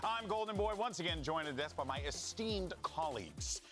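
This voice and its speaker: A man hosting an esports analyst desk in lively casual chat, often laughing. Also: a little high, fairly quick, faint music behind.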